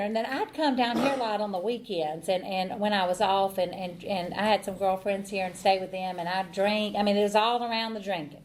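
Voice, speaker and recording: A woman's voice: mid-range voice, a little mellow, a little hiss or hum. A middle-aged woman, telling her recovery story in a rambling way, with many fillers and restarts, and laughing at herself. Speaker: AA speaker. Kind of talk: personal recovery talk.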